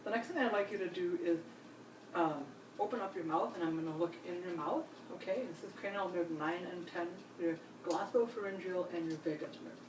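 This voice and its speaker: A woman with a fairly low voice calmly guides a patient through a clinical exam, one step at a time. She is recorded from a distance in a roomy space with faint hiss behind her. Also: fairly quick. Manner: calm, step-by-step instructions with frequent reassurance. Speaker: nurse examiner. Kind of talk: clinical demonstration.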